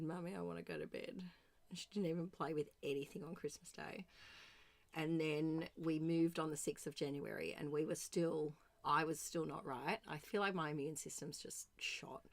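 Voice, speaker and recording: A woman's voice: sits low, gravelly. An Australian woman in her thirties chatting casually and rambling while she crafts, murmuring to herself as she writes. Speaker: art streamer.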